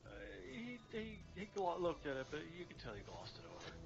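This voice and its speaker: A man's voice: a little high, wildly swooping pitch, a little fast. Rambling male game master, lo-fi sound. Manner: rambling, loose, many fillers and restarts. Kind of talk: running a tabletop game over voice chat. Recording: dull lo-fi sound with music behind.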